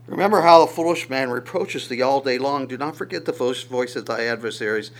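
A mid-range male voice at normal speed teaches a sermon on the Psalms, one verse at a time. He animatedly poses rhetorical questions, chuckles here and there, and quotes God's words in character.

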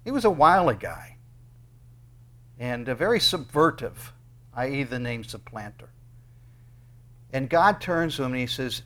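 A male pastor preaching an earnest sermon, with emphatic rises and quick bursts between quieter explanations. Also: mid-range voice, sing-song.

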